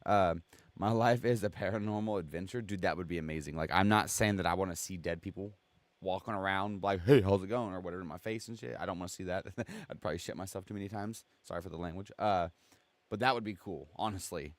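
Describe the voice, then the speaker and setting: A man's voice: sits low, fast, no echo. A man in his twenties hosting a casual reaction live stream, swearing freely and laughing as he retells clips. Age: 20s.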